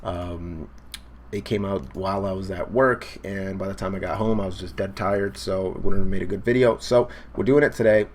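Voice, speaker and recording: A man's voice: deep voice, steady tone, moderate pace, a little hiss or hum. A young man hosting a casual live manga reaction, laid-back and full of fillers as he recaps and reads panels aloud. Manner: laid-back, filler-heavy, briefly acting out character shouts.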